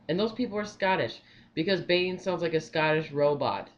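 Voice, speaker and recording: A young man giving his movie opinions in a casual vlog, rambling and excitable, repeating himself often. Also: fairly high pitch, normal speed, highs cut off. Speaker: vlogger.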